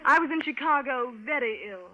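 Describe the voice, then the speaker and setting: A woman's voice: sits high, lively intonation, fairly quick. A woman with an English accent doing comedy banter on a vintage radio show, genteel and giggly. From England. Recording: dull vintage radio broadcast.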